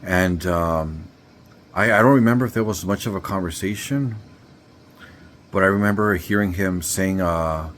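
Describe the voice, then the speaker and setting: A man's voice: deep voice, moderate pace, a bit bright, a little hiss or hum. A man telling a story in a rambling, laid-back way, full of slang and fillers. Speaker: vlogger. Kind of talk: casual storytelling to camera.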